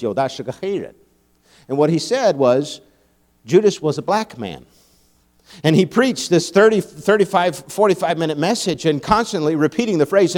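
A young man preaching a sermon, telling stories with frequent laughs and building to loud, emphatic peaks. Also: on the high side. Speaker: pastor.

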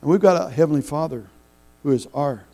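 A middle-aged man preaching a sermon, telling folksy stories with halting restarts. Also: fairly high pitch, mellow, poor audio. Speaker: pastor.

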